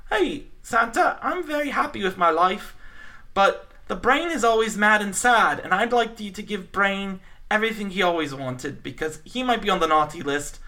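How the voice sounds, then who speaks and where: A man voicing a dim-witted, excitable male lab mouse from a cartoon in a squeaky voice. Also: moderate pace, exaggerated voice. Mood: earnest.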